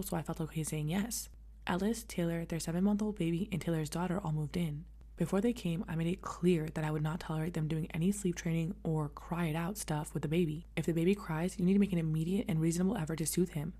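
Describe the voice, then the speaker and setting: A woman reading a first-person story aloud in a brisk, even manner. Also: on the low side. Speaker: story reader. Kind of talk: read-aloud story narration.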